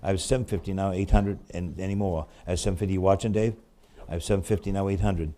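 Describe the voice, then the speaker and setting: A low, dark-voiced man with a New England accent calls a live auction. He rattles off bids in quick repeated runs, then slows down for friendly remarks about each piece. His tone stays mellow and relaxed. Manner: rapid repetitive bid calling with chatty asides.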